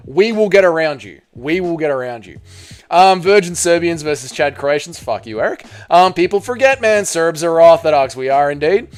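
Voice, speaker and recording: Australian man, casual stream chat, swearing, bantering, slightly high voice. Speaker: livestream host reading chat.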